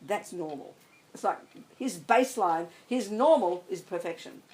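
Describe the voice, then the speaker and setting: A woman's voice: mid-range voice, animated, a little slow, a little mellow, low-quality recording. A woman, a Buddhist nun, giving an emphatic, blunt dharma talk to a group. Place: meditation centre hall.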